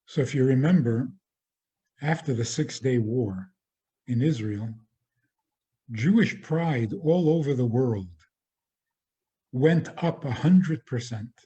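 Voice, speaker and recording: A male rabbi gives a spoken lecture at a very slow, deliberate pace, measured in delivery and often circling back to repeat a phrase. His medium-pitched voice is mellow and dark, and the audio sounds dull.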